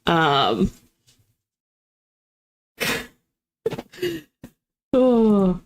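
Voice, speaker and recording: Lively young Southern woman streamer. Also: on the low side. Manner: animated, laughs often, rapid auctioneer-like spiels. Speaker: livestream host. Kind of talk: casual chat with viewers.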